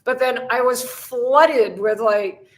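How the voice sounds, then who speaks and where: Speaking slowly in a slightly high voice, a US woman hosts a casual livestream outdoors under bright sun. She's chatty, swears lightly, and reads and replies to viewers' comments.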